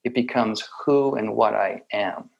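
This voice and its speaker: A man giving a reflective meditation talk with light humor, often pausing and restarting his sentences. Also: on the low side, gravelly, muffled recording, slight background noise. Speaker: meditation teacher.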